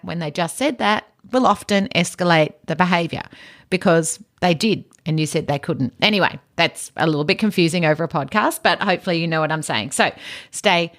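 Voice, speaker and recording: A woman with an Australian accent hosting a teaching podcast, giving practical advice in a calm, soft, low-key way. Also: a little fast. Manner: practical advice, frequent "you know". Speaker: podcast host and educator.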